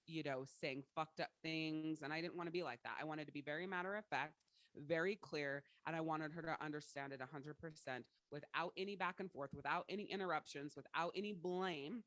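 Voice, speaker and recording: Woman, life coach, livestream host, profane, forceful, candid storytelling, dry close sound. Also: sits low, no echo. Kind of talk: candid motivational livestream talk.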